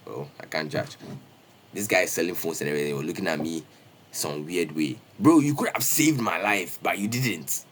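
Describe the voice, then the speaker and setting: A young man, telling a storytime on a casual livestream, animated and repetitive, dropping "bro" often. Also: low-pitched, moderate pace, slight background noise. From Ghana. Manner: animated, repetitive, peppers talk with "bro" and "Charlie". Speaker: streamer.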